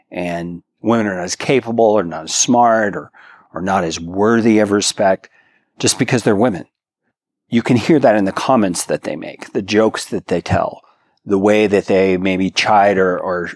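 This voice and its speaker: Deep-voiced man exhorting husbands. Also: dry recording, studio quality. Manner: earnest, exhorting, speaks directly to men. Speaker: podcast co-host. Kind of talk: instructive marriage talk.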